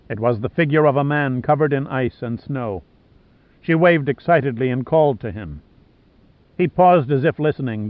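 A man's voice: medium pitch, no echo. Man narrating an audiobook, tinny audio. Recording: dry, tinny phone-like sound.

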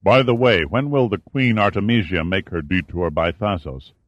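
A man's voice: low voice, normal speed, dry recording, muffled recording. A man voicing a laconic adventurer with wry, terse lines.

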